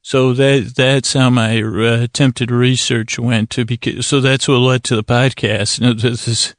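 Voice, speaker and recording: A man's voice: mid-range voice, level tone, unhurried, no echo. A man hosting a sleep podcast, talking in a rambling, wry way, full of stammers and restarts, close to the mic. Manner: stammering, self-interrupting, wry. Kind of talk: rambling casual monologue.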